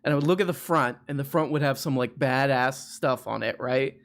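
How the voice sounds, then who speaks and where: A man's voice: medium pitch, fairly quick, vocal fry, a bit bright. A man hosting a live stream, chatting casually and jokingly with a caller, with lots of restarts. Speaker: livestream host.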